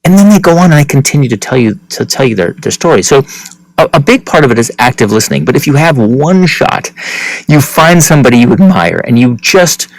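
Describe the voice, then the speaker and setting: A male podcast guest with a very lively, swinging delivery, acting out the voices in his stories. Recorded dry and close, with almost no room sound. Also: medium pitch, a little fast, no room sound, rough recording. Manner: animated storyteller, acts out quotes. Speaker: podcast guest, interviewer of founders. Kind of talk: conversational interview.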